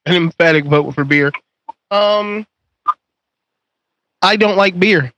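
A man's voice: high-pitched, slow, a bit bright, dry recording, muffled recording. A man hosting a casual podcast panel, joking as he announces the votes. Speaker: host.

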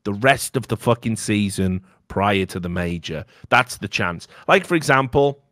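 A man's voice: lowish voice, animated, normal speed, fairly bright tone, no room sound, clean studio sound. A man on a podcast in casual, opinionated chat, ranting bluntly and swearing freely. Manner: blunt and profane, heated ranting. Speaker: podcast host.

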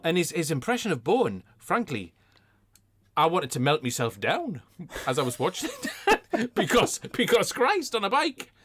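A man's voice: sits high, huge pitch swings, normal speed, fairly bright tone. A man co-hosting a casual comedy chat, telling the story with mock outrage and lots of swearing. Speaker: podcast co-host. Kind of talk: casual comedic chat reviewing an old TV show.

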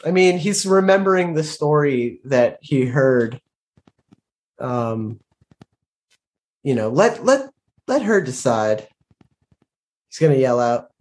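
A man's voice: medium pitch, very animated, slow, pauses often, a little mellow. A man playing in a tabletop role-playing game, talking casually and hesitantly with many fillers. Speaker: player.

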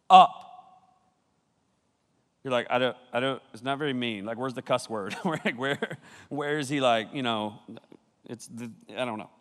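A man preaching to young people, playful and jokey, stopping to laugh and act out how his listeners might react. His voice sits a little high for a man. It rings with the long reverb of a large church hall, filmed by a camera crew. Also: fairly bright tone. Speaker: youth pastor. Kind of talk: joking youth sermon.

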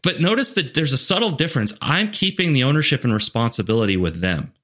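A man's voice: medium pitch, animated, fast, fairly bright tone. A man speaking as a guest on a podcast interview. He is a leadership coach and talks earnestly and animatedly, with frequent "like" fillers and restarts.

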